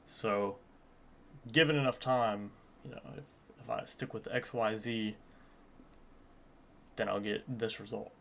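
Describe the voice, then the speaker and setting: A young man with a low, gravelly voice talks through his trading day like a vlog. He is earnest and self-coaching and often circles back to repeat his point. A faint hiss sits under the recording. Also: fairly even intonation, a little slow, pauses often, fairly bright tone. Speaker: day trader vlogger. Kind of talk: reflective vlog commentary.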